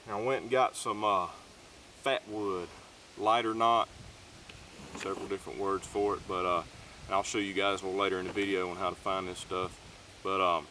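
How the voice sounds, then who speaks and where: A man with a Southern US accent giving a casual, chatty outdoor gear demo in the woods, folksy and quick to laugh at himself. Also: fairly low pitch, bright, forceful tone, slight background noise. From North Carolina, US South. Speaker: gear reviewer.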